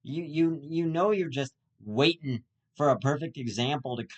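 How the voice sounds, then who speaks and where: A man's voice: a little high, normal speed, low-quality recording. Profane ranting man. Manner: angry ranting with profanity, stammering restarts. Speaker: comedic ranter. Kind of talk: comic rant.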